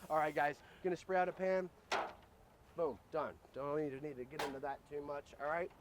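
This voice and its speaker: A man's voice: a little high, fairly quick, noisy background. Chatty man hosting an outdoor grill demo. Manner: joking, chatty, addresses viewers as guys. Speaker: grill cooking show host. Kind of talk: casual cooking demo.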